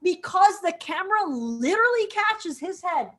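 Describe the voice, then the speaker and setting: A woman's voice: very high voice, big pitch swings, normal speed, fairly bright tone. A woman co-hosting a casual movie chat over drinks at home, laughing, swearing and acting out lines from the film. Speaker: podcast co-host.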